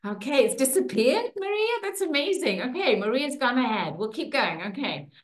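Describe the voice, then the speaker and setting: A woman leading a guided affirmation exercise online, stretching out affirmations slowly with playful asides. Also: high voice, big pitch swings, roomy sound. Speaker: workshop leader.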